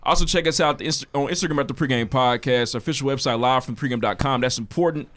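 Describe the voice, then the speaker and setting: A man's voice: mid-range voice, fast, a bit bright. A man co-hosting a casual podcast, hyped up and tacking "man" onto his sentences. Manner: hyped, keeps adding "man". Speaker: podcast co-host.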